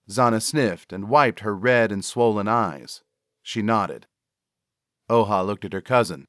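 Low-voiced man narrating a story. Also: a little slow, fairly bright tone, no echo, clean studio sound. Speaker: author and narrator. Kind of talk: scripted narration.

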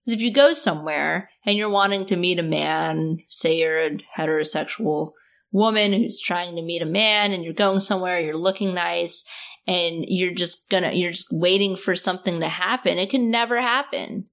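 A woman's voice: lowish voice, normal speed, vocal fry, fairly bright tone. A woman hosting a podcast in casual chat, sarcastic and laughing often. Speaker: podcast host.

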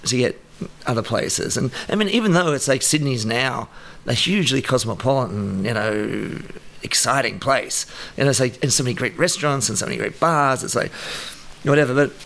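A man's voice: medium pitch, a little fast, vocal fry, a bit bright. An Australian man in his fifties, a guest chatting casually in an interview, rambling with many fillers and acted asides. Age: 50s. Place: New York.

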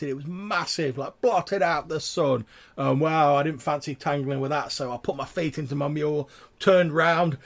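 A man voicing an excitable rustic male trapper who rambles in folksy dialect. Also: fairly high pitch, pitched above the performer's own voice. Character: boastful rustic male trapper telling a troll tale.

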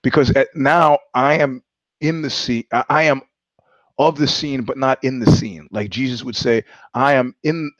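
A man's voice: medium pitch, dry recording, muffled recording. A man hosting a podcast, telling a long, digressive story with profanity, chuckling as he goes. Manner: digressive, profane, laughs mid-sentence. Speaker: podcast host. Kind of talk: rambling storytelling monologue.

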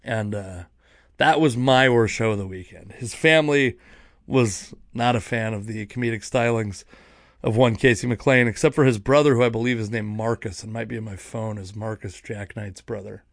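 A man's voice: fairly low pitch, normal speed, no echo, studio quality. A young man, a stand-up comedian, telling road stories in a rambling, self-mocking monologue with many restarts. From Seattle area. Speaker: stand-up comedian, podcast host. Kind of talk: casual monologue.

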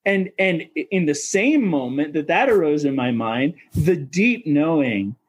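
A man's voice: on the high side, animated, measured pace, husky, low-quality recording. A man from Minnesota, a coach of coaches, talking as a podcast guest in a searching, philosophical way and swearing casually. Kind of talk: reflective podcast conversation.

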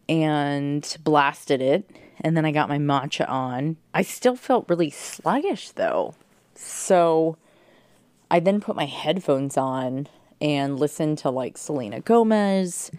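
A woman's voice: sits low, normal speed, darkish tone, no echo, studio quality. A woman hosting a solo podcast at home, giving a peppy pep talk to her listeners and swearing for emphasis. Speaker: podcast host. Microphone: close podcast mic.

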